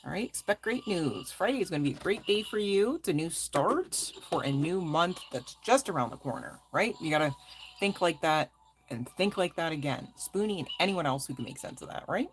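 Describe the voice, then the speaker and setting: A woman's voice: fairly low pitch, animated, fairly quick, slight background noise. A woman tarot reader chatting casually on a live stream, affectionate with viewers and laughing often as she talks. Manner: laughs often mid-sentence.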